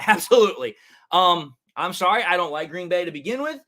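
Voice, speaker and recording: Animated high-voiced man ranting about sports. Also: a little fast. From Detroit area. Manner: animated, heated, repeats "it's like, dude". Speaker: sports talk show host.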